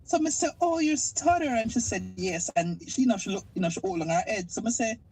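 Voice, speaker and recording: A Jamaican woman calling in to a live talk show, telling her story in an emotional, halting way with a stutter. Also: fairly high pitch, expressive, dark tone, husky, poor audio. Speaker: caller. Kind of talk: call-in testimony.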